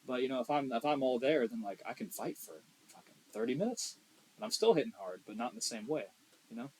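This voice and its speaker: A man's voice: medium pitch, expressive, quick pace, a little hiss or hum, rough recording. Blunt, profane young man on a podcast. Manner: blunt, profane, emphatic, swings between loud and quiet. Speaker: podcast co-host. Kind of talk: casual podcast chat.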